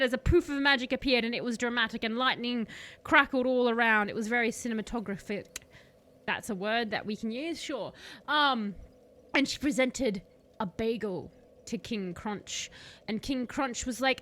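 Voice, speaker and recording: Woman streamer, bright voice, rambling improvised comic storyteller. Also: on the high side, normal speed. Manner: rambling, self-correcting.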